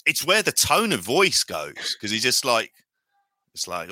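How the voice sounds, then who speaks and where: A man's voice: mid-range voice, huge pitch swings, unhurried, sharp tone, dry recording. A man co-hosting a casual chat podcast, joking and teasing playfully. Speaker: podcast co-host. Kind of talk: casual banter.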